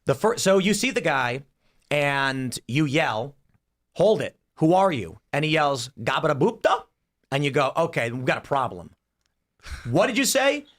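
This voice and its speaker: A man's voice: medium pitch, moderate pace. A man hosting a political panel podcast, talking through hypotheticals and acting out the voices in them. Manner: animated, acts out voices in hypotheticals. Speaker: podcast host.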